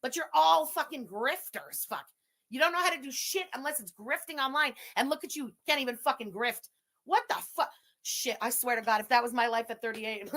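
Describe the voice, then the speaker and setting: Livid streamer lady cussing everyone out, highish voice, super bright and sharp. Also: moderate pace. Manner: profane, furious, shouting insults. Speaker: livestreamer. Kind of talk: angry livestream rant.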